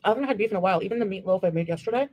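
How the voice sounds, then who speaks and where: A woman in a played vlog clip, chatting in a flat, low-key way about her cooking. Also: racing. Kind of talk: casual vlog talk.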